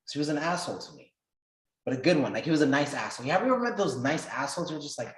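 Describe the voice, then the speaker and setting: A man giving a workshop talk, telling a personal story in a lively, animated way and acting out the dialogue. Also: very fast. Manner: animated, acts out quoted dialogue with rising pitch and loudness. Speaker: workshop speaker. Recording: roomy echo.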